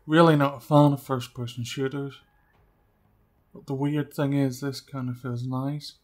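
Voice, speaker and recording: A man giving casual gameplay commentary, chatty and often dropping to quiet muttering as he sneaks around. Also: medium pitch, little pitch movement, measured pace. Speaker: let's play gamer.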